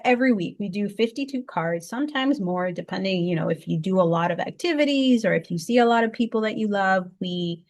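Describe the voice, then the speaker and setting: Woman guest sharing a personal story in an interview; earnest, halting delivery with frequent restarts, medium pitch. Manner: halting, restarts and repeats words; heartfelt, lively pitch swings.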